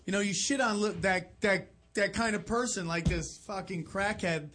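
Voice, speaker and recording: A man's voice: high-pitched, moderate pace, fairly bright tone, slight background noise. A man in a casual comedy chat, bantering crudely.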